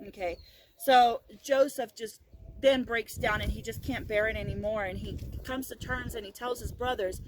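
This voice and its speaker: A woman's voice: fairly high pitch, normal speed, a little hiss or hum, low-quality recording. A woman reading a Bible passage aloud and then explaining it in casual words as a teacher. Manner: reads scripture aloud, then retells it casually.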